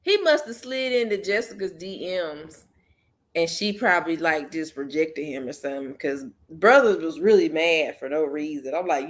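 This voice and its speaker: A woman hosting an online book club, chatting casually and directly to her viewers, animated and often laughing in exasperation. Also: low voice, moderate pace. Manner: talks straight to viewers. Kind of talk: casual chat.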